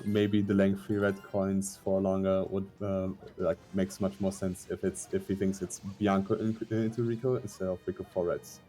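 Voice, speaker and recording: Low, dark-voiced male commentator with halting speech. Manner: halting, analytical, many fillers. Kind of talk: live esports commentary.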